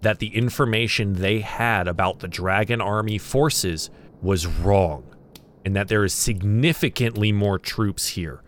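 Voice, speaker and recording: A man running a tabletop game as game master, chatty and quick to laugh. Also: lowish voice, slight background noise. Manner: laughs often, relaxed and chatty.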